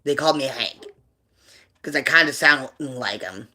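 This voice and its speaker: A man hosting a livestream, telling a personal story in a rambling, halting way with many fillers, subdued and emotional over painful memories. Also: mid-range voice, expressive, pushed and bright. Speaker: livestream host.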